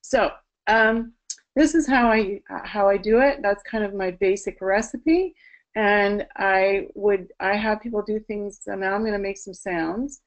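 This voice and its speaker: A woman's voice: medium pitch, measured pace, poor audio. A woman voice teacher explaining singing technique in an online presentation, speaking through a video call. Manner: explanatory, with sung and spoken demonstrations.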